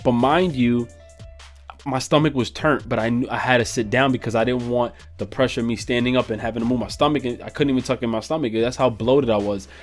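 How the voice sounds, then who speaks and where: A man's voice: medium pitch, a little fast, soft background music. Slangy New man telling a story. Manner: slangy, profane, animated storytelling. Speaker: vlogger. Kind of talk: storytime vlog.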